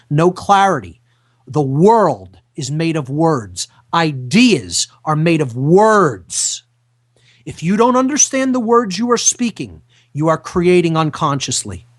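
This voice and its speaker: A man hosting a radio talk show, speaking emphatically and repeating key phrases slowly for effect. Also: on the high side.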